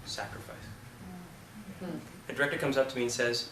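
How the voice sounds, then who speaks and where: A man teaching an acting class, talking casually and telling lively stories with the odd curse. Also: medium pitch, fairly quick, long pauses, a little hiss or hum. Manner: chatty, animated storytelling with profanity. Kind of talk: classroom lecture with anecdotes. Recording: roomy classroom from a distance.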